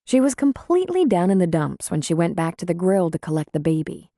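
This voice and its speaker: A woman narrating a romance audiobook in a measured storytelling voice. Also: lowish voice, big pitch swings, mellow, no echo, clean studio sound. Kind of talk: scripted narration.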